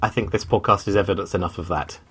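A man's voice: low-pitched, fairly even intonation, fast talker, fairly bright tone, slightly rough. A man co-hosting a podcast, rambling with lots of hesitations and easy laughs in casual chat. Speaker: podcast co-host.

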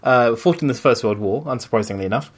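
A man's voice: mid-range voice, quick pace. Rambling storyteller, man. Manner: rambling storyteller, many restarts, acts out quoted voices. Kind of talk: casual chat, telling an anecdote.

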